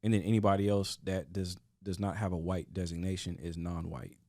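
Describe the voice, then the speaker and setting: A man's voice: low voice, flat delivery, fairly quick, mellow, dry recording, clean studio sound. A man talking earnestly in a casual podcast discussion, often restarting his sentences. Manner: earnest, with frequent restarts and stammers.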